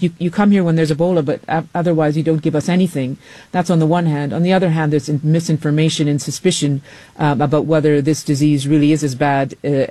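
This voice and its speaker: A woman foreign correspondent giving a live news report in a measured way, with frequent ums and self-corrections. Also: low voice, warm tone, dry recording.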